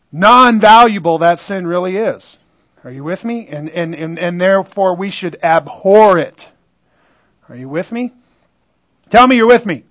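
A man's voice: sits high, highs cut off. A man preaching a sermon as pastor, emphatic, often asking his listeners if they are with him. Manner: call-and-response, asks "are you with me?"; emphatic, swings between loud stresses and quiet asides.

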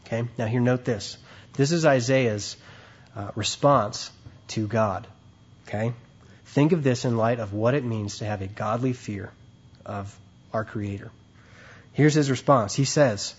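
A man's voice: medium pitch, measured pace, darkish tone, husky, muffled recording. A man preaching a sermon, reading scripture aloud and explaining it in a conversational way with frequent "right?" and "okay?" asides.

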